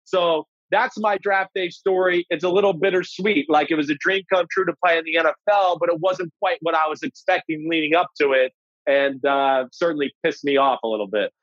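Animated former quarterback telling a story. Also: male voice, on the high side, brisk, no echo, lo-fi sound. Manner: animated, profane, acts out quoted voices. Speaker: former NFL quarterback, podcast guest. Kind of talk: casual storytelling.

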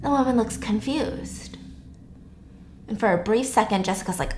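A woman's voice: fairly high pitch, moderate pace, long pauses, darkish tone. A woman hosting a podcast, retelling a story casually with sassy asides. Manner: chatty, sassy asides, acts out quotes. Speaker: podcast host. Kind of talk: casual true-crime storytelling.

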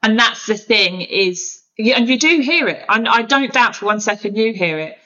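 A woman's voice: fairly high pitch, animated, normal speed, pushed and bright, muffled recording. A woman, a podcast guest talking earnestly and candidly about her own parenting. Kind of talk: candid conversational storytelling.

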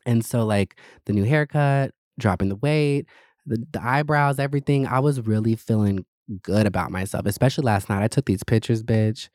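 A man's voice: lowish voice, moderate pace, darkish tone, dry recording, studio quality. A man hosting his own podcast, chatting casually in a gossipy, sassy and profane way. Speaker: podcast host. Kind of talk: casual solo podcast chat.

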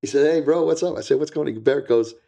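A man's voice: mid-range voice, quick pace, creaky, dark tone. A man, a retired agent, telling stories in a casual interview, rambling and blunt and acting out what other people said. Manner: rambling, repeats himself, blunt, acts out quoted voices. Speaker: retired DEA agent, guest.

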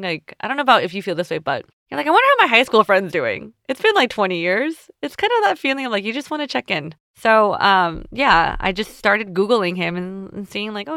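A woman's voice: on the low side, fairly bright tone, smooth, no echo, clean studio sound. A woman hosting her own podcast, chatting casually and reflectively and often using "like" as a filler. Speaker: podcast host.

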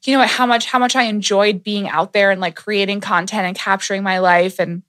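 A woman's voice: medium pitch, steady tone, brisk, fairly bright tone, no echo, clean studio sound. A pregnant woman in her thirties chatting casually as a podcast guest, full of fillers and acting out her own thoughts. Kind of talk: casual chat.

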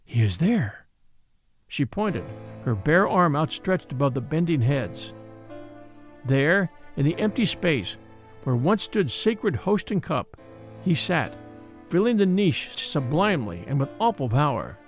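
Expressive male audiobook narrator. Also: on the high side, measured pace, faint music behind. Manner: dramatic, expressive reading.

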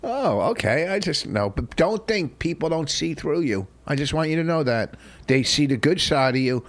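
A man's voice: on the high side, lively intonation, normal speed. An older man co-hosting a podcast, defensive and sarcastic as he argues with his partner. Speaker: podcast co-host. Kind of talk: casual bickering chat.

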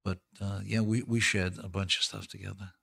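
A man's voice: sits low, flat delivery, brisk, gravelly, a bit bright, slightly rough. An older man, an actor and comedian, telling anecdotes as a guest in a podcast interview, laughing through his punchlines.

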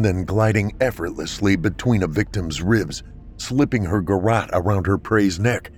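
Deep-voiced man narrating a horror story. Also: slight background noise. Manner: steady, measured storytelling.

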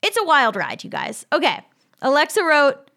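A woman's voice: sits high, big pitch swings, normal speed, bright, forceful tone. A woman in her thirties hosting a podcast, chatting casually and reading listener emails aloud with amused laughs. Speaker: podcast host.

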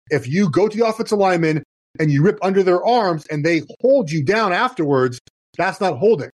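A man's voice: fairly high pitch, a little mellow, no echo. A man in his thirties with a slightly raised voice explains football plays in a casual chat. He restarts often and leans on "you know". The sound is close and dry. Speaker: guest, former NFL player.

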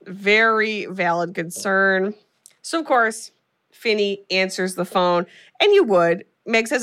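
Chatty woman podcast co-host, animated, swears a lot, mid-pitched voice. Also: slow pace, clean tone. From California. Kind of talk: casual chat recapping a film.

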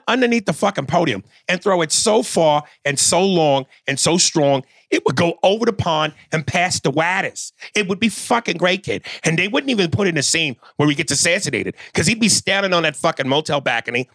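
A man's voice: fairly high pitch, expressive, fairly quick, a bit bright, no echo, pitched above the performer's own voice. A brash, foul-mouthed man with a Boston accent rambles on in a raised, boastful voice, as a podcast host puts him on. He swears constantly and never lets up. The sound is dry and close.

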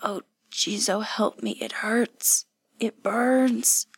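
A woman's voice: on the high side, fairly even intonation, slow, no room sound, heavily acted. Woman doing a hurt young woman, whimpery whisper, totally out of it, storybook reading. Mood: weak pleading. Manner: faint breathy whisper, whimpering. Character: young woman, badly wounded, weak and delirious.

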